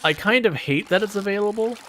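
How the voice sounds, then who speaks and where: A man's voice: high-pitched, fairly quick, background noise. A man doing casual let's-play commentary, chatty and joking. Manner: chatty, joking, laughs often. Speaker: gaming video creator.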